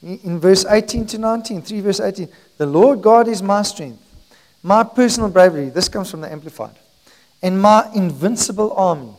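A man preaching a sermon as pastor, emphatic and rising in volume, slowing on key phrases. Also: sits high, low-quality recording.

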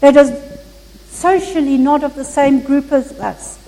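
Slow, earnest woman preacher in a reverberant hall. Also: high voice, dark tone. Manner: earnest, measured storytelling with some slips. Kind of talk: Christmas sermon with a read story.

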